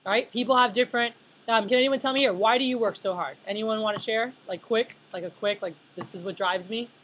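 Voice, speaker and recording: Woman in her 30s, slightly high, husky voice, loose chatty conference speaker who polls the room. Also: brisk, a bit bright, poor audio. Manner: chatty, filler-heavy, asks the room questions. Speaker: leadership speaker. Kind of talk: conference talk to a live audience.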